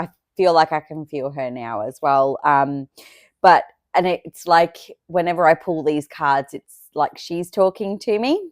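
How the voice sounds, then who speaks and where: A woman's voice: sits low, no echo, clean studio sound. A woman chatting casually to camera about her oracle card reading, with lots of hesitant fillers and restarts. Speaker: spiritual vlogger reading oracle cards.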